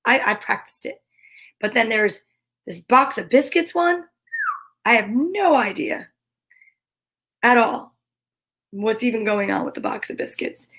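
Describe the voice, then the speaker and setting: A woman with a high, bright voice gives a comic read-aloud of a rhyming picture book. She reads in a sing-song lilt and keeps dropping into hushed, nervous side remarks between the verses. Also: measured pace, pauses often. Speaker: comedian reading a children's book aloud.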